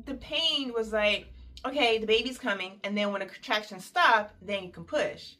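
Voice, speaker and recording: A young woman casually telling a personal story, chatty and detailed, switching into animated quoted voices with big jumps in pitch. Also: moderate pace.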